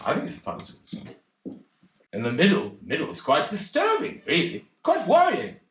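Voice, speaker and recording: A man's voice: sits high, huge pitch swings, normal speed, distant mic. An actor playing a nervous, rambling male cocktail pianist who stammers and giggles on stage. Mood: musing. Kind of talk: stage play acting. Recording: roomy sound heard from afar.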